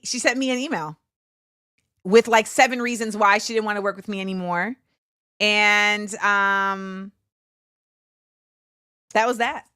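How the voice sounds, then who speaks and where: A woman, hosting a show and telling a story in a casual, animated way. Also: on the high side, clear, resonant tone, dry recording, clean studio sound. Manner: animated, acts out quoted voices, laughs often. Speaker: show host.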